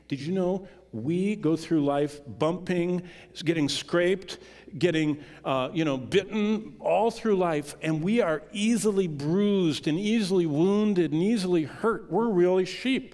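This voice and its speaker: A male pastor preaching a sermon, moving between loud, emphatic peaks and quiet, low storytelling, and drawing out key words for weight.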